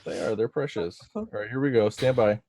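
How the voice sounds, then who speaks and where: A man narrating as game master of a tabletop game, casual and halting, with fillers and frequent pauses for dice rolls. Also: on the low side, a little mellow.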